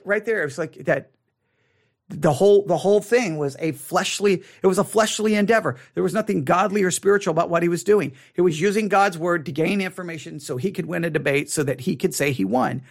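A man who is a pastor, teaching a Bible study in an animated way, often repeating and restarting his words. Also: brisk. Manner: animated, acts out quoted people with rising pitch.

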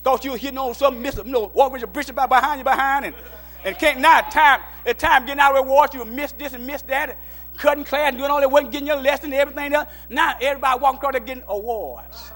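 Preacher man with a real high bright voice, goes from muttering low to hollering at the church. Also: quick pace. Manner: preaching, swinging from low asides to shouted exhortation. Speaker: pastor. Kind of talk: call-and-response sermon.

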